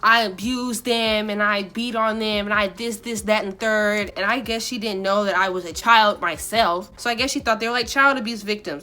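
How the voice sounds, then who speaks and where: Young woman vlogger, bright and dramatic, talks in slang, working a story for laughs. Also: a little high, normal speed, few pauses. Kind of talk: storytime while getting ready.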